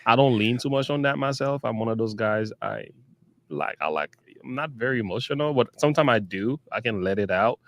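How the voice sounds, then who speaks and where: Reaction-show host, male, animated pitch, dry close sound, laughs a lot. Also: fairly quick, dry recording. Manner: chuckles often, loose and conversational. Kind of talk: casual reaction commentary.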